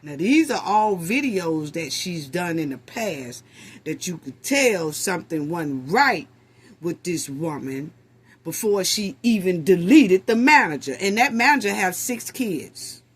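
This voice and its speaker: Woman, commentary host, husky, slow delivery, lively pitch. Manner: animated, exclaiming, addresses audience as family. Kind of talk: casual commentary.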